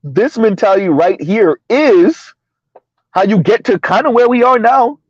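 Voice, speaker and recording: A man with a high, animated voice takes his time as he hosts a casual commentary vlog. He chuckles often and keeps tossing "right?" to his viewers. There's no room sound, just a dull, dry lo-fi recording.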